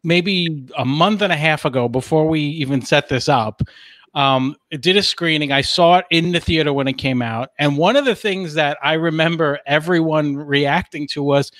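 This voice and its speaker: A man's voice: a little high, moderate pace, fairly bright tone, no room sound. A man hosting a podcast, asking questions in an easygoing way with lots of "like" and "you know". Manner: easygoing, many "like" and "you know" fillers, laughs. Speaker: podcast host. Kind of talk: casual chat.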